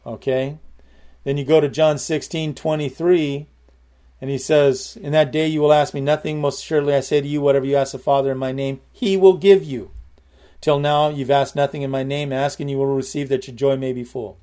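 A male preacher gives an emphatic sermon in a dark-toned, medium-pitched voice with little pitch movement, speaking briskly. He repeats and restarts phrases as he builds a point and calls out directly to the congregation with repeated cries of "Amen?"

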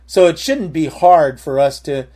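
A man's voice: fairly high pitch, expressive, unhurried, dark tone. A man preaching a sermon in a loose, conversational way, full of restarts and calls of amen. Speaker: pastor.

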